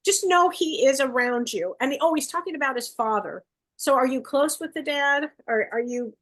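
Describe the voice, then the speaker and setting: Woman medium, a bit high-pitched, warm and coaxing, relays messages on a video call. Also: normal speed. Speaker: psychic medium. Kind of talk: live online gallery reading.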